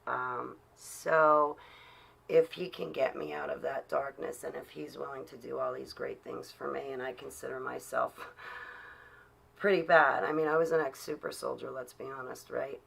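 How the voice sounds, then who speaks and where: A woman's voice: very deep voice, steady tone, normal speed, vocal fry, a bit bright, husky. A woman talking on her own livestream, preaching in an earnest, rambling way with many fillers. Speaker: livestreaming vlogger.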